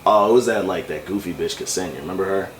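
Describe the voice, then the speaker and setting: Deep-voiced man telling a loose story. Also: a little hiss or hum. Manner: loose, profane, fast-moving anecdote with many fillers. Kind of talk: casual storytelling. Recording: distant mic with faint room ambience.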